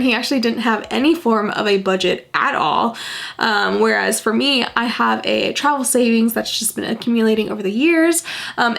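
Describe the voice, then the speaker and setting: A woman's voice: a little high, gravelly. A young woman vlogging casually to camera, bubbly and gushing as she talks budgets and unboxes a package.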